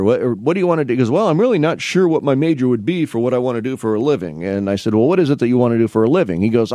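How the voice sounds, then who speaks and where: A man's voice: mid-range voice, darkish tone, no echo, studio quality. A middle-aged man from the Midwest United States, an academic advisor, tells rambling anecdotes in a casual monologue and acts out both sides of the conversations.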